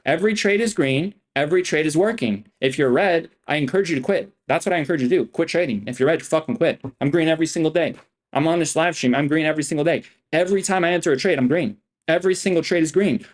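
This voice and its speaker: A man's voice: a little high, expressive, quick pace. Young male streamer, swaggering and crude, loops the same brags over and over. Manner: boastful, profane, repetitive swagger. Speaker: day trader streamer. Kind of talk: live-stream trading commentary.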